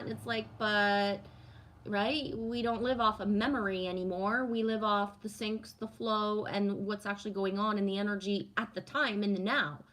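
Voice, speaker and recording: A woman's voice: medium pitch, normal speed. A woman hosting a livestream who chats casually, reads viewer comments aloud and muses on spiritual topics, often adding "right?". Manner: warm, affirming, spiritual musing with frequent "right?". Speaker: livestream host answering chat.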